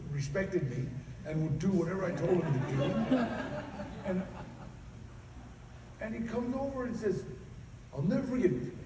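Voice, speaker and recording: A man's voice: sits high, normal speed, pauses often, crowd noise, noisy background. Man telling stories in an echoey hall. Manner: animated storyteller acting out callers' voices, laughing often. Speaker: keynote speaker. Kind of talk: storytelling talk. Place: large convention hall. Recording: echoey hall recorded from far off.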